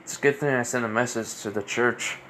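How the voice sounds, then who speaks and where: A man doing an earnest young swordsman, unsure of himself, tripping over his words. He speaks at a middle pitch with a faint hiss behind him. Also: steady tone, fairly quick, natural voice. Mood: grateful. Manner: hesitant, stumbling.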